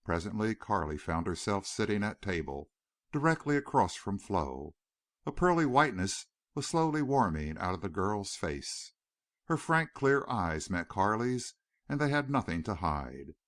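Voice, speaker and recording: A man reads a classic Western novel aloud at a measured pace. His voice sits low yet swings widely in pitch. The recording is dry and close with no room sound. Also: sing-song, a bit bright, no echo. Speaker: audiobook narrator. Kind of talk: scripted narration.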